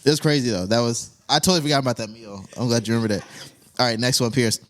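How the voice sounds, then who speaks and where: A man's voice: mid-range voice, very fast, slight background noise. A young man hosting a casual chat, telling stories with lots of laughter. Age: young adult. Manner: animated storyteller, laughs often, goes on tangents. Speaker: podcast host.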